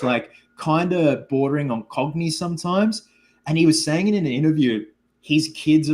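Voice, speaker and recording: Male live-stream host, mid-pitched, loose and rambling, reads out viewer comments between tangents. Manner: rambling and chatty, many filler words. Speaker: livestream host. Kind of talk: casual live-stream Q&A chat.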